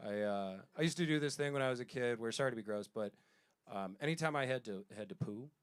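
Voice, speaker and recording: A man's voice: mid-range voice, clear, resonant tone. Self-mocking male stand-up comic. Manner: self-deprecating storytelling with quick asides. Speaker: stand-up comedian. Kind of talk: stand-up set.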